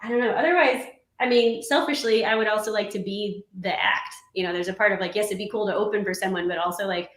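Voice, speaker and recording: A woman's voice: medium pitch, quick pace, hardly any pauses. A woman musician talks in an easy, rambling way and laughs often. Her voice carries a roomy echo around it. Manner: giggly and chatty, with lively laughs. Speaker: musician guest. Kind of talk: casual chat.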